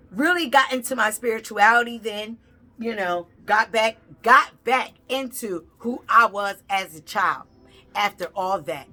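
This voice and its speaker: A woman telling a personal story in a blunt, heavily profane way, animated and acting out the people in it. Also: a little high. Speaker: tarot reader and vlogger.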